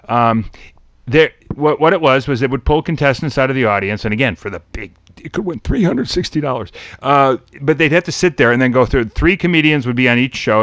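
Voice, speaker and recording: A middle-aged man hosting a casual chat about old TV, animated and telling stories, mimicking voices in a high pitch. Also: no room sound, muffled recording. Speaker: podcast host.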